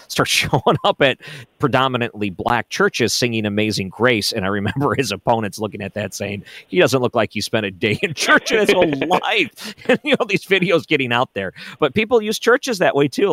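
A man hosting a late-night radio talk show, relaxed and often laughing as he chats. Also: lowish voice, no room sound.

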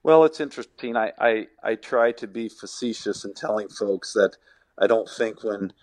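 Answering a podcast's questions, a middle-aged former ballplayer turned sports agent speaks in a lowish male voice. He is reflective and halting, with many restarts.

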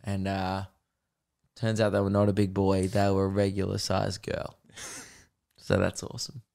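This Australian man in his twenties hosts a podcast, telling stories in a relaxed, self-deprecating way as casual chat. His deep voice is monotone and slightly mellow, with vocal fry and a somewhat slow pace.

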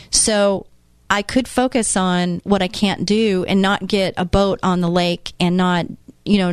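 Female host, late fifties, earnest and encouraging, slightly low pitch, dry studio sound. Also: smooth, dry recording. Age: 50s. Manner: earnest, encouraging, acts out voices of doubters. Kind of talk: faith-based motivational talk.

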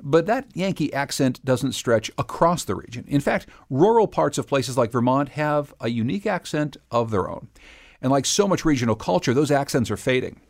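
A man hosting a public radio news show, introducing guests and segments in a measured, scripted way. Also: mid-range voice, expressive.

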